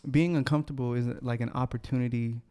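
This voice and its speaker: A man with a smooth, clear voice talks about faith in a level, flat tone that barely rises or falls. He is laid-back and steady, and keeps affirming his co-host. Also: mid-range voice, fast. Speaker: podcast co-host. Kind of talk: casual faith chat.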